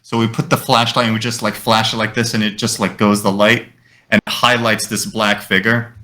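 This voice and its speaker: A man co-hosting a podcast, telling a story in a lively, casual way, swearing freely and slipping in Arabic phrases. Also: on the low side, moderate pace. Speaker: podcast co-host.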